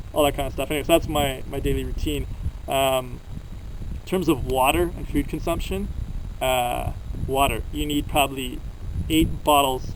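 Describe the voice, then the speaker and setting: He speaks in a gravelly, mid-range voice, and the low-quality recording carries slight background noise. A young Canadian, he vlogs outdoors at a desert campsite, rambling through travel stories with lots of fillers.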